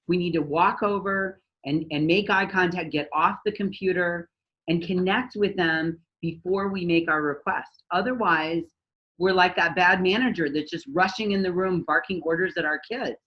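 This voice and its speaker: A woman's voice: on the low side, normal speed, lo-fi sound. A woman parenting coach giving conversational advice on a podcast, acting out quoted dialogue in a livelier voice.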